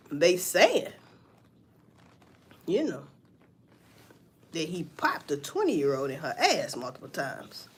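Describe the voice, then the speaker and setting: Animated woman gossiping on a livestream. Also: deep voice, takes it slowly, pauses often, slightly rough. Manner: profane, animated gossip with mocking asides. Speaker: livestream host. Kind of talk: casual livestream commentary.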